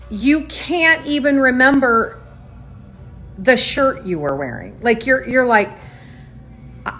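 A woman in her forties talking casually to her followers as a lifestyle blogger, rambling and poking fun at herself, dropping into mock voices for her own asides. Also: fairly high pitch. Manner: rambling, self-mocking, animated storytelling with mock-voiced asides. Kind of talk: casual chatty vlog to followers.

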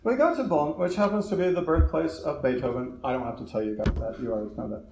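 A man's voice: fairly high pitch, quick pace, gravelly. A man giving a lecture in an auditorium, telling anecdotes and chuckling at his own stories. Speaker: guest lecturer. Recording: echoey auditorium with faint noise.

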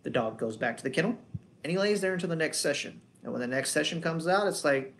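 A man's voice: fairly high pitch, animated, quick pace, fairly bright tone, slight background noise. A man, a dog trainer, explaining training in a loose, conversational way, wandering between points and posing rhetorical questions. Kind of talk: casual instructional talk.

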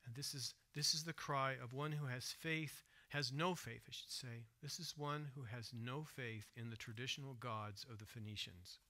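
A man preaching a sermon in church, swinging between hushed, soft retelling and loud, emphatic asides, and asking his listeners direct questions. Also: medium pitch, moderate pace, few pauses. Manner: asks the congregation direct questions. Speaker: pastor. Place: church sanctuary.

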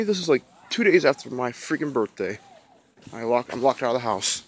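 A man's voice: medium pitch, animated, a little fast. A young man vlogging to a handheld camera outside a house, rambling and hamming up his self-pity. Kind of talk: casual vlog to camera.

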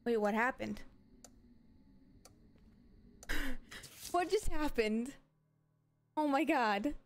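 Expressive woman streaming horror games. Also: high-pitched, very slow. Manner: swears freely, chatty and expressive. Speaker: game streamer. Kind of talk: live reactions to horror games.

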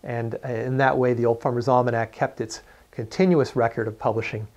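A man recounting a historical episode in a documentary interview, pausing often with ums and uhs. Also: mid-range voice, flat delivery, a little mellow, dull audio. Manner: hesitant storytelling with frequent ums.

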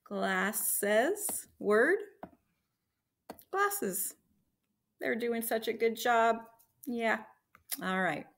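A woman teacher leading a slow, encouraging phonics lesson for young children, sounding out letters and blending words. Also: on the high side, gravelly, a bit bright.

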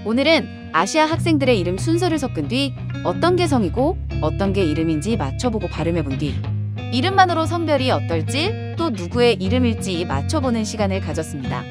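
Woman, scripted narration, very fast, lively pitch, guitar music behind. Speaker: narrator of a shorts channel.

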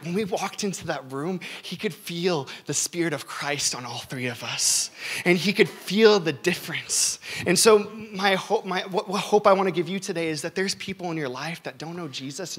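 A young man preaching to a church congregation with lively, energetic storytelling. His voice sits a little high for a man, and he leans on frequent fillers as he goes. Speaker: youth pastor. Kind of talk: sermon.

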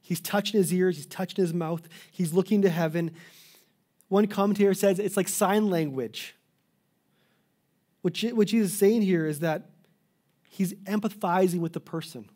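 A middle-aged preacher from Canada speaks at a normal speed, leaving long pauses between his earnest, pleading lines and sometimes restarting a phrase. His tone is warm and mellow, sitting a bit high.

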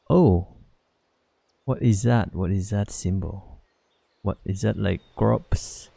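A man giving halting, rambling commentary while playing a game, with many fillers. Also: low voice, vocal fry, mellow, slightly rough, no room sound. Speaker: let's play host. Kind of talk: casual gameplay commentary.

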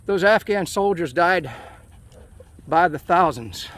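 A man's voice: high voice, lively intonation, takes it slowly, a bit bright. A middle-aged man vlogging casually while walking outdoors in a park, hot and sweaty, talking emotionally in rambling bursts full of fillers. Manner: emotional, ranting, with frequent fillers.

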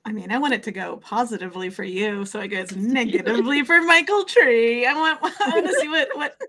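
Bright, giggly woman hosting a game. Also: on the high side, a little fast. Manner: giggly, playful. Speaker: game host. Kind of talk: casual tabletop game chat.

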